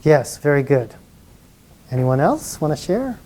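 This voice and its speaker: A man's voice: a little high, sing-song, a little slow, warm tone. A man presenting a live college workshop to an audience, chatty and encouraging, often laughing.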